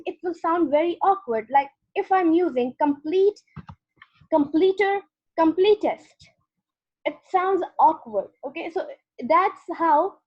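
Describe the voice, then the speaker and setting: A woman with a high voice teaches grammar over an online class, talking her students patiently through each step. Her sound is dull and lo-fi, as from a computer mic on a call. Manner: patient, explains step by step with repeated "okay".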